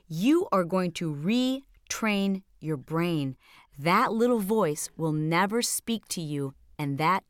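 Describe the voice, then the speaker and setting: A woman's voice: medium pitch, no echo. Emphatic woman fitness coach, dry close sound. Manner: emphatic and direct, speaks straight to the viewer. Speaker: fitness instructor. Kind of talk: scripted motivational coaching talk.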